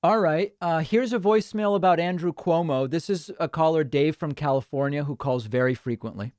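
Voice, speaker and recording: A man's voice: fairly high pitch, fairly quick, darkish tone, dry recording, studio quality. A man hosting a live-stream show, chatting casually and reacting to listener voicemails and chat messages. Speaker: show host.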